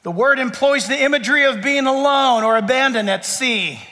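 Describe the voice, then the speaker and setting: A man preaching a sermon as pastor, emphatic, surging to loud peaks and then sinking low and quiet. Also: moderate pace. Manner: emphatic, rising to near-shouts then dropping low. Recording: long hall reverb.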